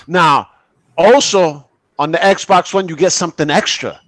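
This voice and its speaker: A man's voice: a little high, measured pace, fairly bright tone, no echo. A man from Puerto Rico on a gaming podcast panel, emphatic and swearing, asking "all right?" often. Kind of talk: casual panel chat.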